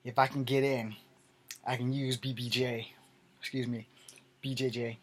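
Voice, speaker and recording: A man's voice: mid-range voice, level tone, normal speed, a little hiss or hum. A middle-aged man talks late at night, tired and blunt. His rant rambles and he swears freely, holding a plain, casual manner as he speaks to the camera. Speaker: vlogger.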